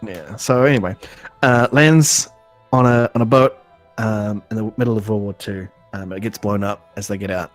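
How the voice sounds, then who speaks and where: A man recapping an episode on a casual podcast, halting, full of ums and restarts, laughing often. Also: fairly low pitch, soft background music. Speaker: podcast host.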